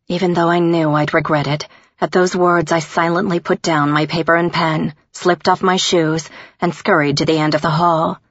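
A woman narrates a first-person audiobook in a measured way. Her voice is low and husky. The recording is dry and sounds dull. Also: little pitch movement, dry recording.

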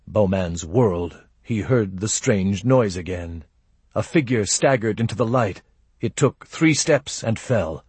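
Low, husky male audiobook narrator. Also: no echo. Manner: steady, measured reading.

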